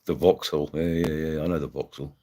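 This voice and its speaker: A man's voice: very deep voice, fairly even intonation, a little fast, darkish tone. An Australian man hosting a casual live stream, rambling and swearing freely as he chats with his viewers. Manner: rambling, swears freely, many "you know"s.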